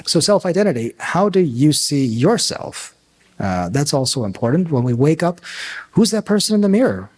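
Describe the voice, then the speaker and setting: A man, a physician and coach, giving a talk at a summit, telling stories and acting out the people in them with big pitch swings. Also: big pitch swings, normal speed, a little mellow. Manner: storytelling, acts out dialogue with big pitch swings. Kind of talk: conference talk with anecdotes.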